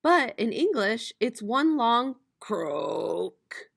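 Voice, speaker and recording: A woman's voice: a little high, very animated, vocal fry, slightly rough. A young woman teacher reading a picture book aloud to her students, playfully voicing the animal and object sounds. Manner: slow, playful reading with bright, loud animal-sound imitations.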